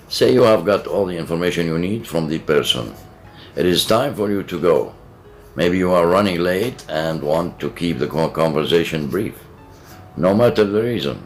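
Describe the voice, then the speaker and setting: A man, an English teacher, narrating a lesson and reading example phrases aloud in a measured teaching tone. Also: sits low. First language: Arabic. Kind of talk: instructional narration. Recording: faint background music.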